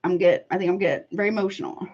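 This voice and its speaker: A woman's voice: lowish voice, steady tone, fast talker, a little mellow, husky. A woman doing a casual tarot reading for her viewers, chatty and heartfelt, calling listeners honey. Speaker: tarot reader. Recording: slightly dull lo-fi audio.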